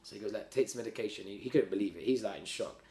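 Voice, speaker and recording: A man with a lowish voice tells a long story in loose, slangy, animated talk, doubling back on himself as he goes. The room around him is echoey. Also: quick pace. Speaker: podcast guest. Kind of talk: casual storytelling. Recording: roomy echo.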